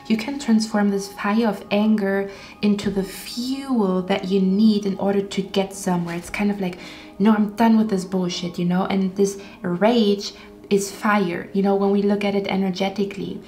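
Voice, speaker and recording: A woman's voice: mid-range voice, fairly even intonation, normal speed, a little mellow. Earnest woman doing a tarot reading. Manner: earnest, repetitive, checks in with "okay?". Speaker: tarot card reader. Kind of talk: intuitive tarot reading addressed to viewers.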